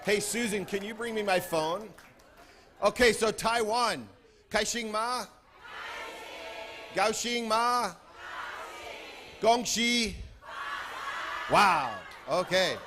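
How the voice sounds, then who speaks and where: A man speaking on stage at a convention, playfully calling out to groups in the crowd and shouting greetings. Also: high voice, slow, pauses often, noisy background. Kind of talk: lively stage address to a crowd. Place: large convention hall with a crowd.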